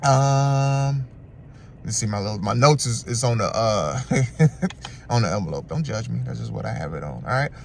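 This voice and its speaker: A man giving a casual, animated and slangy recap of a reality show. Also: mid-range voice, normal speed, vocal fry, a little hiss or hum. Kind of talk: casual commentary.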